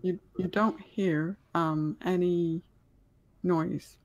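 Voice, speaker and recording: A woman's voice: fairly low pitch, fairly even intonation, very slow, darkish tone, muffled recording. A woman running a tabletop game as game master, narrating scenes in a hesitant way with many ums.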